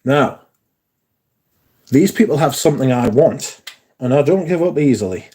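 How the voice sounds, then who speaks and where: A man's voice: medium pitch, expressive, normal speed, mellow, slight background noise. A man chatting casually on a livestream, rambling through stories and reading out viewers' comments. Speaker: livestream host.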